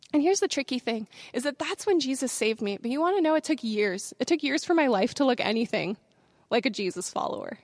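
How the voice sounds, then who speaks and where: A young adult woman telling her testimony to a church, moving between hushed confession and loud, fast preaching. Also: sits high, lively intonation, no room sound. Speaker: speaker giving testimony. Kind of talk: sermon testimony.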